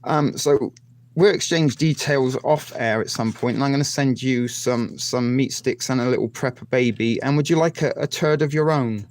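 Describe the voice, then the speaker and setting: A man's voice: mid-range voice, normal speed, darkish tone. A man hosting a casual video-call chat, rambling with cheeky innuendo and lots of filler words. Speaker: host.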